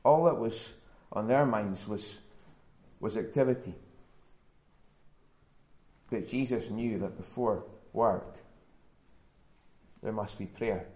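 A man's voice: on the low side, slow pace, long pauses, dark tone. Man preaching a sermon in an echoey church. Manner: earnest, builds to emphatic repetition. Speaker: pastor. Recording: roomy church echo.

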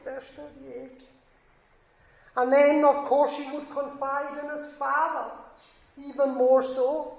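Man preaching, high voice, slow delivery, earnest, emphatic, roomy echo. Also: little pitch movement, vocal fry. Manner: earnest, emphatic, rising on scripture quotes. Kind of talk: sermon. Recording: echoey room.

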